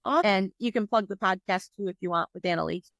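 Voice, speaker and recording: An upbeat woman from upstate New York hosts a casual podcast chat, chatty and full of easy fillers. Her voice sits at a middle pitch. The recording is dry and close, with no room sound. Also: fast talker, a bit bright, no echo. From New York State, USA. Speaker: podcast host.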